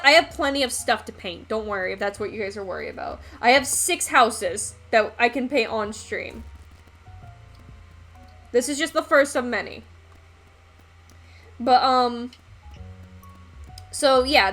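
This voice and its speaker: A woman's voice: on the high side, fairly bright tone. A young woman hosting a live painting stream, chatting casually and thanking viewers as she works. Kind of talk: casual livestream chat.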